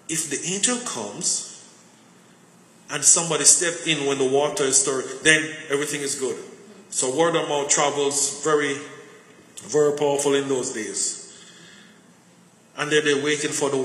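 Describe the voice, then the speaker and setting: A man's voice: medium pitch, fairly bright tone. A man preaching a conversational sermon full of personal stories, often repeating words as he searches for them. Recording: echoey hall with faint noise.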